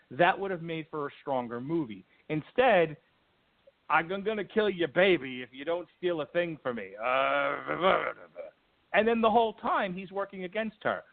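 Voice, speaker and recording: A man on a movie-review podcast, talking in an animated, rambling way and restarting his sentences. His voice sits a bit high. He comes through a thin, phone-like line. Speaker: podcast co-host, film reviewer. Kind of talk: casual movie-review chat.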